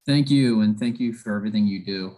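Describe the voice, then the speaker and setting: A man's voice: lowish voice, a little fast, mellow, low-quality recording. A man chairing a legislative committee hearing, thanking witnesses courteously.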